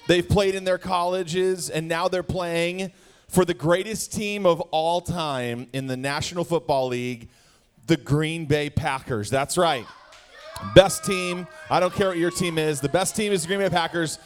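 A man's voice: a little high, unhurried. A man in his forties from Wisconsin, giving a playful sermon as guest speaker and joking straight with the crowd in a church hall. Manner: jokey, animated, talks straight to the crowd.

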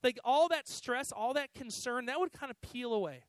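A man's voice: very high voice, normal speed, no room sound, low-quality recording. A man giving a conversational sermon to students, with frequent "you know"s and restarts. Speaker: youth pastor.

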